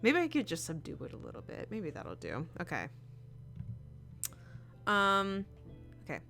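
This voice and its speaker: A woman streamer chatting casually as she plays, rambling with fillers and asides. Her voice sits a bit low but moves around a lot, with faint music underneath. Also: wildly swooping pitch, measured pace, vocal fry, long pauses, sharp tone. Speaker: gameplay streamer. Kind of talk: casual let's play commentary.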